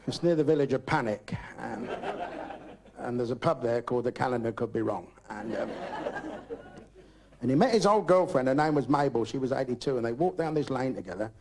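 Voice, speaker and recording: A man's voice: mid-range voice, animated, fairly quick. An older man from Britain doing a crude, rambling live stand-up routine, swearing constantly. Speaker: stand-up comedian. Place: live comedy club. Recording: noisy live recording.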